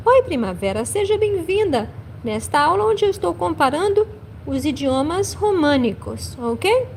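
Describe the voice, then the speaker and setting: During a livestream language lesson, a female teacher with a high, animated voice goes slowly, saying every word twice for her learners. Faint noise can be heard.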